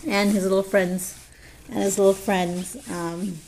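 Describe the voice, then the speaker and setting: A woman's voice: mid-range voice, level tone, unhurried, a little mellow, a little hiss or hum. A mother cooing at her infant in sing-song, playful baby talk.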